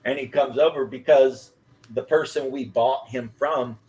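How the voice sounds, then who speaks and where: A man's voice: mid-range voice, unhurried. Man chatting casually on a stream. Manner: rambling, animated storytelling. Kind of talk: casual chat.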